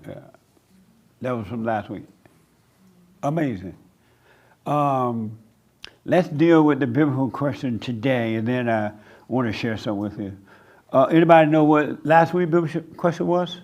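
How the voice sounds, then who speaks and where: A man leading a church question-and-answer session, brisk and teasing as he calls on people. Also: medium pitch, lively intonation, a little mellow. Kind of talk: casual church discussion.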